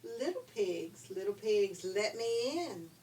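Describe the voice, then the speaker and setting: A woman voicing the big bad wolf, a menacing male beast who makes slow, low threats. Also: sing-song, warm tone. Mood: threatening. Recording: distant mic, faint hiss.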